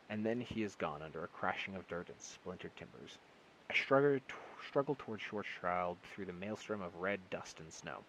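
A man reads a short story aloud in one unedited take, now and then stumbling and restarting a word. His voice is very deep and low. A faint hiss from the phone recording sits underneath. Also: lively intonation, moderate pace, fairly bright tone, rough recording. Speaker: amateur audiobook reader.

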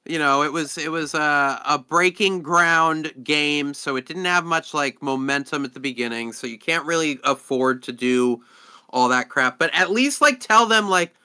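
A man co-hosting a casual gaming podcast, rambling and animated, with sentences full of "like.". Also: a little high, moderate pace, clear, resonant tone. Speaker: podcast co-host. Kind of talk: casual chat.

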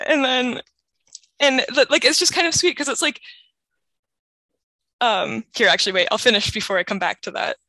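A woman's voice: a little high, normal speed, long pauses, bright, forceful tone, dry recording. A young woman co-hosting a podcast, chatting casually about a novel and retelling its scenes with plenty of "like" and light laughter. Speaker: podcast co-host. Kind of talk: casual book discussion.

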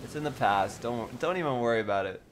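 A man's voice: mid-range voice, expressive, fast, slight background noise. A man with an Australian accent hosting a casual livestream chat with viewers, playful, giggly and teasing. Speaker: livestream host.

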